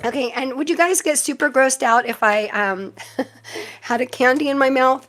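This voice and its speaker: A woman's voice: high-pitched, normal speed, a bit bright. Chatty rambling woman tarot streamer. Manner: chatty and rambling, laughs often. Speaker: tarot reader live streamer. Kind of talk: casual live-stream chat.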